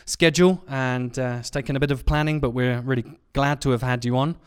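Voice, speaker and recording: A man's voice: medium pitch, steady tone, brisk, clear, resonant tone. A middle-aged man co-hosting a podcast, talking in a jokey, playful, chatty way. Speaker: podcast co-host. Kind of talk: casual chat.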